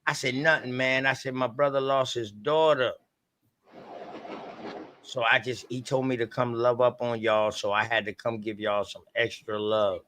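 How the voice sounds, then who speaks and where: A man's voice: mid-range voice, level tone, normal speed, bright, forceful tone, slight background noise. Raw, emotional Southern man storytelling. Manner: raw, profane, heartfelt storytelling to viewers. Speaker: livestream host. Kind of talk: emotional livestream talk.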